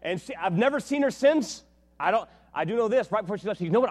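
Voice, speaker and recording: A man preaching a sermon as a pastor, telling a story with lively acted-out dialogue. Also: high voice, quick pace. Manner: animated storytelling, acts out dialogue with big swings in loudness. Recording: long reverb of a large hall.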